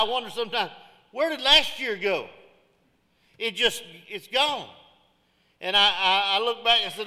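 A man's voice: high-pitched, lively intonation, unhurried, pauses often, pushed and bright, long reverb tail. A middle-aged man, preaching a sermon in a church with folksy call-outs and jokes. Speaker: pastor.

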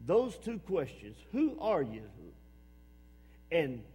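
Emphatic preacher man, lively high voice. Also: slow pace, slightly rough, in a large hall. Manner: emphatic, repeats phrases, swings between loud and hushed. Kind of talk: sermon.

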